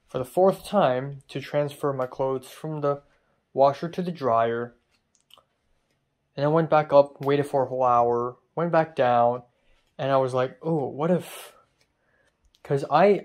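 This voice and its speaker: A young man talking straight to camera in a casual vlog, ranting with frustration and swearing freely. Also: medium pitch. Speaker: vlogger.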